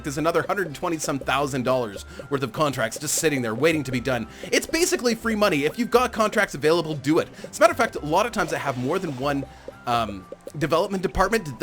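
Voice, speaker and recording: A man's voice: fairly high pitch, fairly bright tone. A man casually commentating on a management game he is playing, rambling and amused at himself, laughing often. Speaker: gaming channel host.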